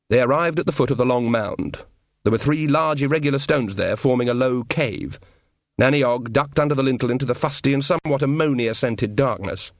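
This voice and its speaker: A man's voice: medium pitch, fairly quick, no room sound. Wry male audiobook narrator. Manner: dry, wry storytelling. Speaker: audiobook reader. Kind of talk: comic novel narration.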